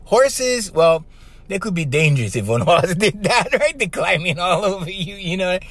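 Lively high-pitched podcast host. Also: male voice, normal speed, no room sound. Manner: animated storytelling, keeps asking "right?"; trained singer's strong voice. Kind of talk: casual podcast monologue.

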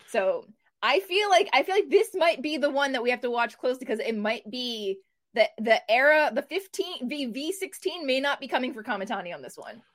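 A woman co-hosting a wrestling podcast, telling match backstories in an animated, casual way with frequent fillers. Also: high-pitched, brisk. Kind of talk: casual preview chat.

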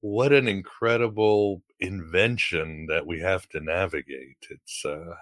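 A man hosting a podcast, with a fairly low voice that still carries a bright, forward edge. He muses aloud and hesitates with frequent fillers, now and then letting out a light chuckle. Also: unhurried. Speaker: podcast host. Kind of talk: casual podcast interview.

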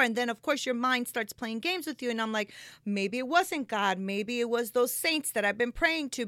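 A woman's voice: a little high, bright, forceful tone, dry recording. A middle-aged woman telling an emotional personal testimony, acting out the quotes and close to tears. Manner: tearful, dramatic retelling with voiced quotes. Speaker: guest telling her testimony.

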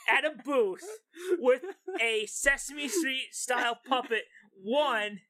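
A woman's voice: on the high side, slow, crowd noise. A woman co-hosting a comedy chat, giggling as she rambles through absurd made-up scenarios.

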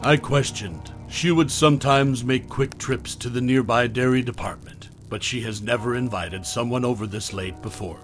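A man narrating a horror story in a soft, hushed storytelling voice, often trailing off low at the ends of lines. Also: moderate pace, few pauses, faint music behind.

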